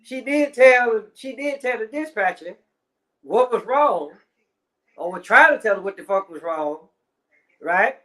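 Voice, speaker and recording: A man's voice: sits high, expressive, measured pace, long pauses, pushed and bright. A man ranting in casual commentary, heavy on swearing and repeated fillers. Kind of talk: profane rant.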